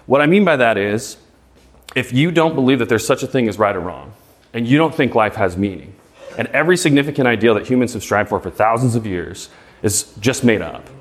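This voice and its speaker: Emphatic man in his thirties giving a talk. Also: medium pitch. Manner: emphatic, rhetorical, keeps asking "right?"; gets excited and stumbles over repeated words. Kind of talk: live presentation to an audience.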